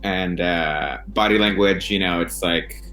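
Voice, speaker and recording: A man who teaches English, answering in a relaxed, casual way with lots of fillers. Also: low voice, a little slow, faint music behind. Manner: relaxed, filler-heavy with many "like"s.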